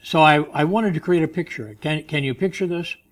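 A man preaching a sermon in a conversational way, moving between loud, emphatic reading and quiet asides. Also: on the high side, a little fast. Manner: reads scripture and commentaries aloud with rising emphasis. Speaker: pastor.

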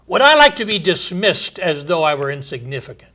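A man preaching a sermon in an earnest teaching manner, posing rhetorical questions and pausing for emphasis. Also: a little high, very animated, bright, forceful tone.

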